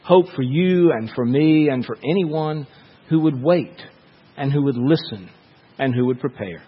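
A male pastor delivers a sermon at an unhurried, measured pace, letting phrases hang between dramatic pauses. His voice sits at an ordinary pitch, slightly muffled, and trails off into a long hall reverb. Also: husky.

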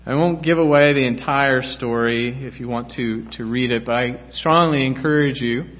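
A male pastor preaching a sermon in a church, earnest and measured. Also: mid-range voice. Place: church sanctuary. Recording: echoey church hall, dull lo-fi sound.

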